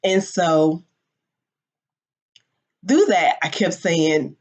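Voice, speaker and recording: A woman's voice: on the low side, lively intonation, takes it slowly. A woman in her forties telling a personal story candidly and emotionally, with casual swearing. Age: 40s. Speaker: business founder. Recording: dull lo-fi audio.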